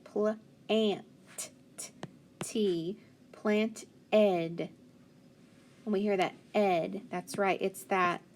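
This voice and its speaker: Slow, patient woman phonics teacher. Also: mid-range voice, a little hiss or hum. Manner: slow, clear sounding out of letters. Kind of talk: phonics lesson for children.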